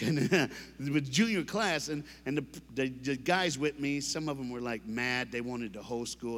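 A man's voice: medium pitch, normal speed, a bit bright. A man giving a comedic motivational speech, telling stories and acting out voices and sound effects. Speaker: motivational school assembly speaker. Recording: echoey hall reverb.

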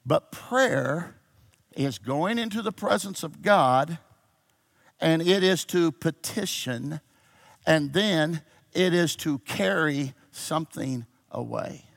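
A man preaching a sermon to a church congregation, swinging between shouted exhortation and low, intimate teaching. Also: lively intonation, takes it slowly, vocal fry.

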